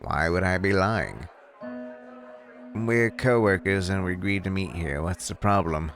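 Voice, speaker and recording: Man reading a coy male raccoon sleuth for a game; low, unhurried, dry. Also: a bit bright, faint music behind. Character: male raccoon private photographer, cocky and coy. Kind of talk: reading game dialogue aloud.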